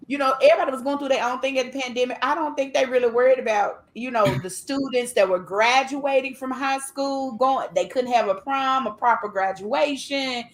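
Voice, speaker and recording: Lady hosting, reflective and chatty, kinda higher voice. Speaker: host. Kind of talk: casual conversation.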